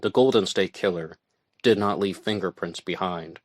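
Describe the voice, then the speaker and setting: Low-voiced man giving true-crime commentary. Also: normal speed, dry recording, clean studio sound. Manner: conversational, with fillers and self-corrections. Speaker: host.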